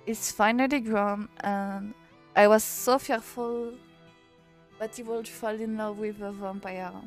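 A woman's voice: mid-range voice, steady tone, slow, soft background music, natural voice. A French woman voicing an emotional, tearful vampire woman in a game, in a plain reading voice.

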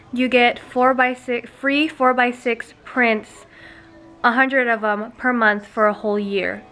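A woman's voice: fairly high pitch, fairly bright tone. A young woman, a mother vlogging in her home kitchen, talking in a chatty, teasing way to a handheld camera. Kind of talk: casual home vlog chat. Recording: faint background noise.

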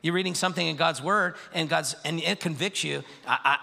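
A male pastor preaching a sermon in a church, animated and acting out the voices of the people he describes. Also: fairly high pitch, a little fast, creaky, in a large hall. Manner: animated, acts out voices and quotes. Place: large church sanctuary.

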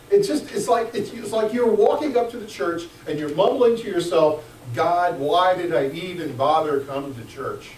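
A man preaching a sermon as pastor, lively and joking, swinging between hushed asides and loud bursts. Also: fairly high pitch, a little hiss or hum. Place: church sanctuary. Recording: echoey church room, mic at a distance.

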